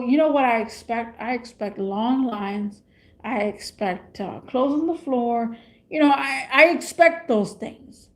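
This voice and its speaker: A woman's voice: on the high side, a little mellow. A woman vlogger rambling in a casual rant, repeating her questions.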